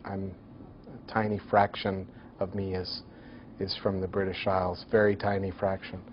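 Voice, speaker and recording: A man giving a university lecture in a hall, telling stories in a lively, joking way. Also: deep voice, normal speed, breathy edge, muffled recording.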